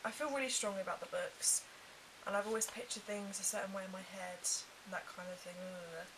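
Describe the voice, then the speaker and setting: A young woman chatting casually to camera, animated and full of quick asides. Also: medium pitch, recorded from a distance. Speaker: vlogger. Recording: faint hiss.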